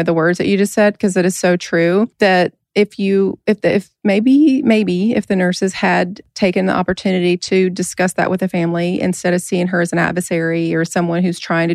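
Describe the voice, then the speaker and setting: Gravelly low-voiced woman podcast host. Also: no echo, clean studio sound. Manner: laughs often, chatty and earnest. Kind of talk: casual podcast chat.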